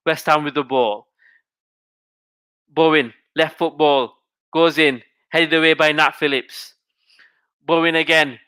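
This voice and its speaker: A man doing live play-by-play football commentary, calling each pass in quick running phrases. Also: on the high side, clean tone, dry recording. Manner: rapid running play-by-play, rising to excited shouting at goals.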